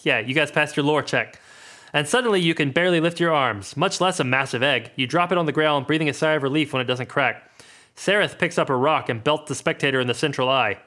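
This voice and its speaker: A young man narrating as game master in a tabletop game, in a joking, animated way. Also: fairly high pitch, quick pace.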